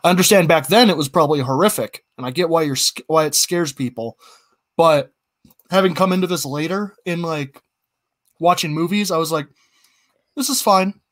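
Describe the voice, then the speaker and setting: Thoughtful man with a higher voice. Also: brisk, a bit bright. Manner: thoughtful, analytical, says "like" often. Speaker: podcast guest. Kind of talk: casual movie review chat.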